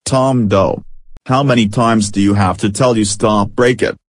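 A man's voice: on the low side, steady tone, a little slow, over loud music, natural voice. A man voicing an angry father who rants through long lists of words. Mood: ranting.

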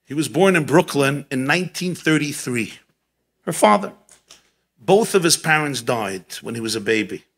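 A rabbi, a man, tells a story to a gathering with a bright, forceful voice that sits a little high. He is lively and repeats key phrases to drive them home. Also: normal speed, breathy edge. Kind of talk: animated storytelling talk at a gathering.

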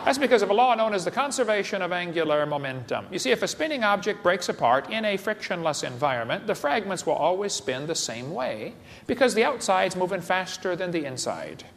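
A creationist speaker with a high-pitched, a bit bright voice, big pitch swings, vocal fry and a brisk pace lectures jokingly to a live audience. The large hall gives long reverb with faint hiss as he wisecracks and quizzes the crowd with asides.

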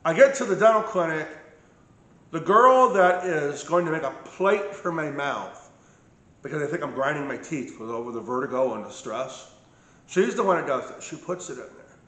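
This patient's voice is a little high, with lively intonation, a normal speed and a slightly bright tone in a roomy space. Casually yet emphatically, he recounts how he was mistreated medically, frequently asking "okay?"

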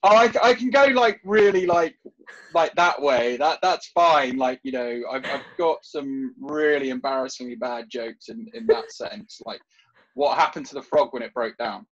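A man's voice: mid-range voice, moderate pace. A man with an English Midlands accent, a recruiter and entrepreneur, talking as a friendly podcast guest who often repeats words as he starts a sentence. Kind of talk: casual podcast interview. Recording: slightly dull, lo-fi remote audio.

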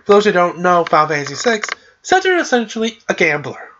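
A fast-talking podcast host with a fairly bright, medium-pitched voice and big pitch swings casually recaps a game's story, rambling with lots of "like" and "uh." The sound is lo-fi, with a little hiss or hum.

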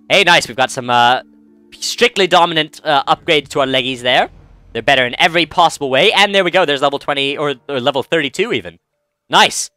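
A man's voice: fairly high pitch, a little fast, sharp tone, dry recording, faint music behind. A man hosting a let's-play, chatting casually and rambling through commentary with many fillers and restarts. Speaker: game let's-play host.

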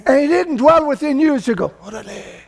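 Older california preacher guy, really high voice, chatty sermon that gets loud and shouty. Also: expressive, quick pace. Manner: loose, conversational preaching that swells into emphatic shouting. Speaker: pastor.

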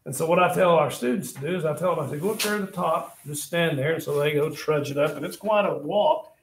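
A man lecturing a history class, talking with a slightly high voice. He tells the story with lively asides and keeps reminding students to take notes. The classroom around him is echoey. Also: quick pace, slight background noise. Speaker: history teacher.

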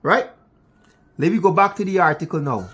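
With a Guyanese accent and a high, slightly rough, fairly bright voice, this man delivers a fiery, profane news rant at normal speed. His intonation is lively, and he repeats his points while speaking directly to the audience.

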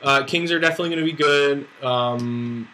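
A man's voice: medium pitch, moderate pace, bright, forceful tone, poor audio. A young man casually chatting on a poker live stream, greeting viewers by name and joking around.

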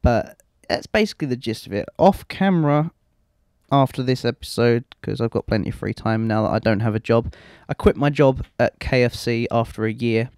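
A man's voice: medium pitch, moderate pace, a little mellow, smooth, dry recording, clean studio sound. A young man giving rambling, self-mocking gameplay commentary and swearing freely. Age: young adult. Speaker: let's play host.

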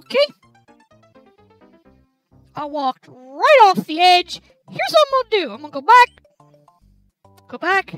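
Very high, lively tipsy woman gamer. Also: a little slow, pauses often, no echo, faint music behind, low-quality recording. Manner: loud, swearing, yelling at the game. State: tipsy from drinking. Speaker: gamer playing and commenting. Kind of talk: let's play commentary while drinking.

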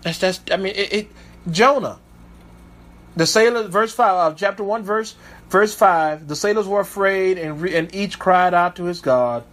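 A man's voice: high-pitched, moderate pace, fairly bright tone. A man preaching as a pastor, reading Bible verses aloud and breaking off to comment with emphatic asides. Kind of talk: sermon with scripture reading.

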